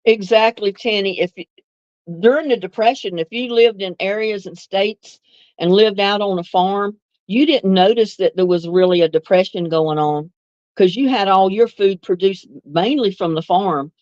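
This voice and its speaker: A woman's voice: medium pitch, moderate pace, a little mellow, dry recording, highs cut off. An older woman from North Carolina with a Southern accent mixed with some Northern, chatting on a livestream, reminiscing and reading viewer comments with easy laughs. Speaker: livestream host.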